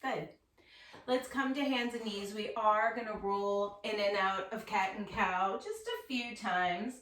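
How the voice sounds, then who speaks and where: A woman teaching a yoga class, calmly and slowly cueing poses and breaths. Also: medium pitch, distant mic. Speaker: yoga instructor. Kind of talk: guided yoga class instruction. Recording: echoey room, voice set back from the mic.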